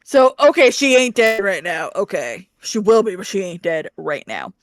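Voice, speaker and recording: A woman's voice: medium pitch, big pitch swings, moderate pace, no echo, studio quality. A woman co-hosting a book podcast, casually recapping chapters, laughing often and acting out characters' lines. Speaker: podcast co-host.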